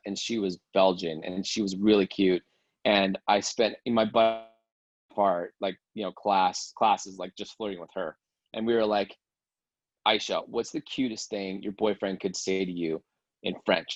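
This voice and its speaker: On a video call, a game participant casually tells a long travel story, rambling with many fillers and restarts. His voice is on the low side, and the audio is dull, with no room sound.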